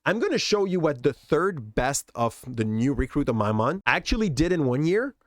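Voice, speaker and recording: Guy ranting about his past, pitch jumps all over, kinda high, dead dry mic. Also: very animated, moderate pace, no room sound. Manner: candid, exasperated storytelling. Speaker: content creator. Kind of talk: personal story vlog.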